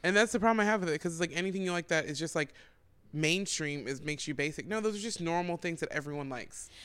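A woman's voice: fairly low pitch, fast, a bit bright, clear, resonant tone. A woman guest on a podcast, chatting frankly and joking about herself. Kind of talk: casual chat.

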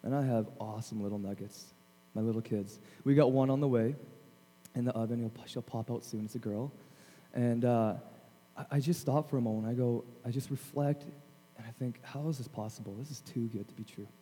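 A man in his thirties, a guest chapel speaker, telling self-deprecating stories in a lively, animated way. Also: medium pitch, moderate pace. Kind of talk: storytelling chapel sermon. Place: large chapel hall. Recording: long hall reverb.

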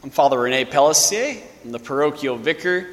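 Young male priest, fairly high voice, casual storytelling homily; echoey church hall. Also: expressive, normal speed, a bit bright. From Louisiana, USA. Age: young adult. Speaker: parish priest. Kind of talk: sermon.

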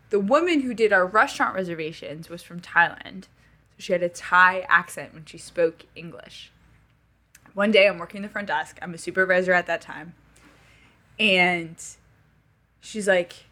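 A young woman telling stories in casual chat, animated and swearing, acting out what people said. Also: fairly low pitch, normal speed. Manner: animated, swearing, laughing, acts out quotes. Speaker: resort reservations agent.

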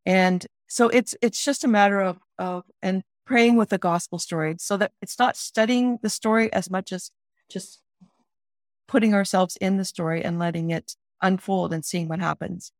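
A woman's voice: mid-range voice, steady tone, moderate pace, no room sound, studio quality. A woman teaching a guided prayer practice in an earnest, plain-spoken way, often restarting her sentences. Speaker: spiritual director teaching prayer.

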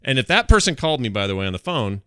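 A man's voice: mid-range voice, sing-song, rapid-fire, pushed and bright, smooth, dry recording, clean studio sound. A man hosting a casual podcast chat, joking with his co-host and reading listener emails aloud.

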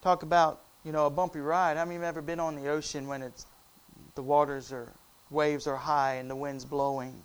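A man preaching a sermon, calling on the congregation and swinging between loud cries and hushed, quiet passages. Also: fairly high pitch, level tone, fairly quick, smooth. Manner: call-and-response preaching, rising to loud cries and dropping to hushed tones.

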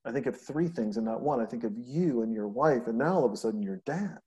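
Guy on a podcast, warm low-key tone, rambly stories, cusses a lot. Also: fast. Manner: rambling, animated storytelling, swears freely. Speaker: podcast host. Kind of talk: casual conversation.

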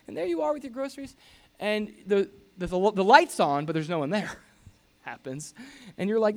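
A middle-aged pastor preaching a sermon in an animated, jokey way, acting out grumbling noises. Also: male voice, sits high, normal speed, creaky.

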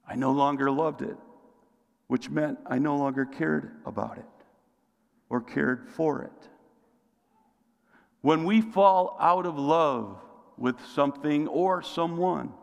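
Gravelly pastor preaching in a reverberant hall. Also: male voice, fairly high pitch. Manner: preaching with call-and-response questions to the congregation. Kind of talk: sermon. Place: church sanctuary. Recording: long reverb of a large hall.

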